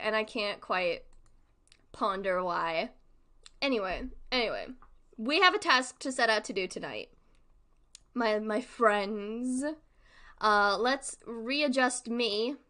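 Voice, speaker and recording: Giggly, bright-voiced young woman streamer. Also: fairly high pitch. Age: young adult. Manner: giggly, rambling, laughs often. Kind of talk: casual live-stream chat.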